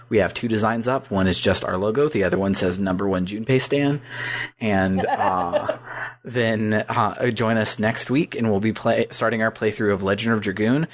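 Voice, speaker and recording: A man's voice: on the low side, moderate pace. Rambling, laid-back male podcast host. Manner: rambling, many "like" fillers, laughs easily. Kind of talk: casual gaming podcast chat.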